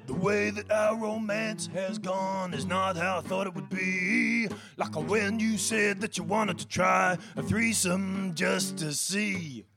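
A gravelly, drawling Australian blues dude, as a comedian puts him on, slow and deadpan between crude jokes. He sings and talks over a clear guitar. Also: sits high, exaggerated voice. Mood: crooning.

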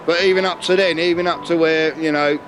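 A man's voice: on the high side, steady tone, a little fast, background noise. Rambling man telling a story. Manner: rambling, chuckling storyteller with many restarts. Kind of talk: casual anecdote.

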